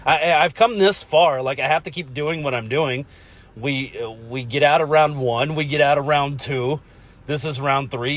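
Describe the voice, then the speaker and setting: A man hosting a casual solo podcast, rambling about hockey and laughing at himself. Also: medium pitch. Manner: rambling, chuckles often, self-mocking. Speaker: podcast host.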